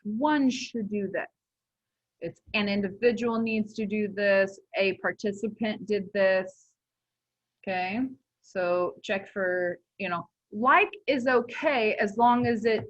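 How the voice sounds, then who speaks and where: A woman's voice: mid-range voice, lo-fi sound. A young woman teaching a class in a casual, chatty way, full of filler words and self-corrections. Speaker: instructor.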